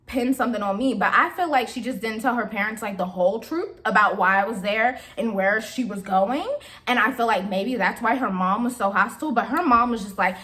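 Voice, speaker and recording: A young woman vlogger with a high voice tells a story in easy, casual chat. Her pitch swings widely as she gets exasperated and laughs her way through the retelling. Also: a bit bright.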